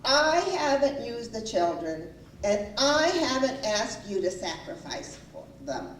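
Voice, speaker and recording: A woman mimicking a wounded society wife with an icy, high-pitched delivery in a stage play. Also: big pitch swings, a little slow, a little hiss or hum. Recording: roomy stage sound from far off.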